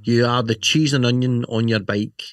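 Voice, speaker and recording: A podcast co-host with a mid-range, steady voice talks at normal speed, no echo in the audio. His casual chat about motorcycle gear is jokey and rambling, full of "you know" and "right?".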